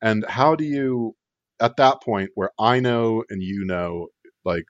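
A man's voice: lowish voice, slow pace, no room sound. A man telling a comic story in a rambling, wry way, with plenty of filler words. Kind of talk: casual comedic storytelling. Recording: dull lo-fi dry sound.

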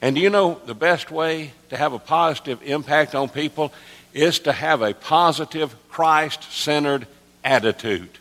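A man in his sixties, a pastor, preaching an earnest sermon that drops soft and low, then rises to emphatic calls. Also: moderate pace. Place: church sanctuary. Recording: long reverb of a large hall.

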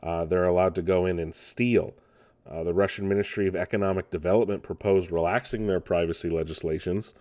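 A man's voice: deep voice, fairly even intonation, brisk, darkish tone. A man hosting a casual gaming news podcast, talking loosely with lots of ums and restarts. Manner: loose, rambling delivery full of ums and restarts. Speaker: podcast host.

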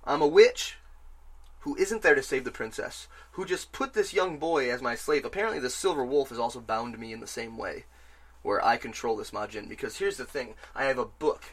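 A man in casual podcast chat about a video game, rambling and excitable, swearing freely. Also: mid-range voice, moderate pace, slightly rough.

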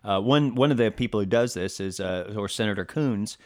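A man co-hosting a political commentary podcast, talking in a halting way with many fillers and restarts and a sarcastic edge. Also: lowish voice, darkish tone. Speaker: podcast co-host.

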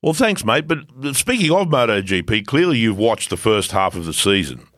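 A man's voice: on the low side, big pitch swings, normal speed, fairly bright tone, dry recording, studio quality. A man hosting a podcast, bantering casually with guests, swearing freely and laughing a lot. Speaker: podcast host.

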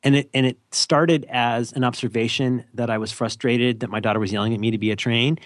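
A man chats on his podcast in a lively, wandering way. His pitch swings up and down as he restarts sentences and pokes fun at himself. The sound is dry and close, with no room echo. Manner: animated, self-deprecating, rambling with restarts. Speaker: podcast co-host. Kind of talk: casual conversational advice chat.

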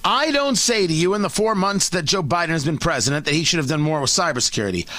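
A talk radio host, a man, delivering a combative opinion monologue from a studio mic. His voice sits high and sounds bright and forceful. The sound is dry, with no room echo. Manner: emphatic and combative, repeats words when starting a point.

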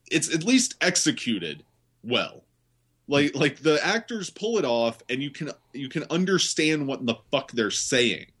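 A man's voice: medium pitch, fairly bright tone. A man co-hosting a podcast, chatting casually and rambling sarcastically about a film, with lots of swearing and filler words. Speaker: podcast co-host. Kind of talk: casual movie review chat.

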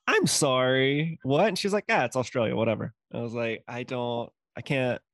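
Relaxed man podcast host, dry sound. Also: medium pitch, normal speed, no echo. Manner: relaxed, curious, chatty. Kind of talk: casual chat.

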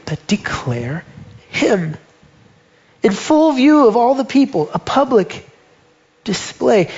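A man preaching a sermon, emphatic, slowing down and dropping soft when he quotes scripture and verse. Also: high voice, dull audio. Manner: emphatic, slows and drops to near whisper on quoted lines.

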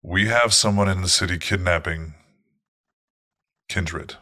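A man's voice: low voice, a little slow, sharp tone. A man voicing an angry female vampire clan leader who swears bluntly and aggressively in a tabletop game. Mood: furious.

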